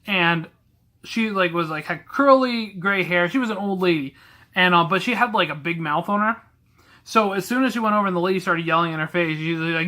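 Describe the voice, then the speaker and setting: Young guy, fairly high and bright, forceful delivery, blunt, candid storyteller. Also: a little fast. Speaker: vlogger telling stories about a past retail job. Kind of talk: casual storytelling to camera.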